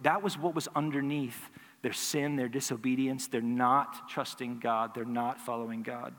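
A man's voice: medium pitch, steady tone, normal speed, a bit bright. A man preaching a sermon as pastor, earnest and building emphasis through repeated phrases. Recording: hall reverb.

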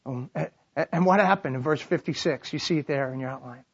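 A man preaching a sermon, animated, acting out quoted lines and dropping to a hushed tone to reflect. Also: fairly high pitch, fast talker, husky. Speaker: pastor. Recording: dull lo-fi sermon recording.

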